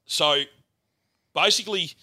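A man's voice: fairly high pitch, measured pace, pushed and bright, dry recording, studio quality. An Australian man telling a rambling, swear-filled story as a guest on a casual podcast chat.

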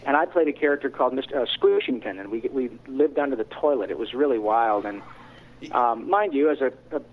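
A man's voice: medium pitch, expressive, fairly quick. A man who works as a voice actor, talking in a casual interview with frequent asides. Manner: chatty, frequent "you know" asides. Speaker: voice actor guest. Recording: dull lo-fi sound.

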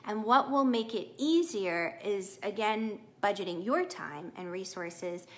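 Here the middle-aged woman reading tarot live sounds medium in pitch and unhurried. Her manner stays warm, chatty and encouraging, with plenty of animated laughter as she talks to viewers in a casual reading.

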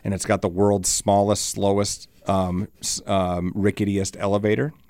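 A man's voice: lowish voice, normal speed, dry recording. A man hosting a podcast, telling a long story in casual chat, swearing often and acting out other people's lines. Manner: profane, animated storytelling with exaggerated quoted voices. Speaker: podcast host.

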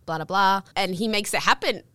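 A young woman co-hosting a podcast, telling a travel story in a lively way, acting out the people she quotes and laughing often. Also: mid-range voice, a little fast, dry recording. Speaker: podcast co-host. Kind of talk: casual chat, storytelling.

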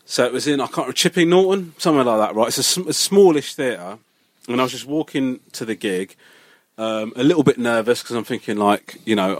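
A man, a comedian chatting casually on a podcast and telling sweary, animated stories. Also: medium pitch, fairly quick, no room sound. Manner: animated storytelling, sweary, acts out other people's lines. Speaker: comedian guest.

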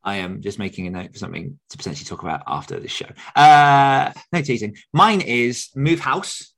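A man co-hosting a podcast, talking in a relaxed, rambling way with many fillers. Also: mid-range voice, fairly quick. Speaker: podcast co-host. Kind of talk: casual podcast chat.

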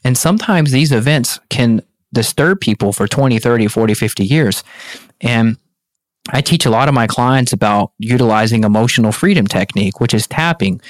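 A man's voice: mid-range voice, no echo. A man, a functional medicine practitioner, speaking earnestly in a podcast interview and telling client stories in a coaching tone.

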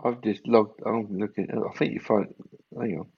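A man's voice: fairly low pitch, fairly even intonation, normal speed, gravelly, slightly rough. A man co-hosting a podcast in casual chat, giving his opinions with hesitant restarts. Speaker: podcast co-host. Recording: dull lo-fi mic.

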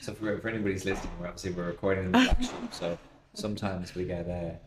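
A man's voice: low voice, sing-song, racing, a crowd in the background. A man hosting a podcast in a pub, talking casually and rambling until he loses his train of thought. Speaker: podcast host. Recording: roomy pub with faint ambience.

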